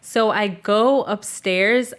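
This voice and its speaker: A woman's voice: medium pitch, takes it slowly, fairly bright tone. A young adult woman telling a story in casual chat, filled with "like" and casual swearing.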